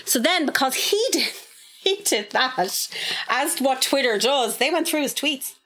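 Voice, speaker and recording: A woman co-hosting a podcast, telling a gossip story in an animated, swearing, casual way. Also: high-pitched, measured pace. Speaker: podcast co-host. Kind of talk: casual chat.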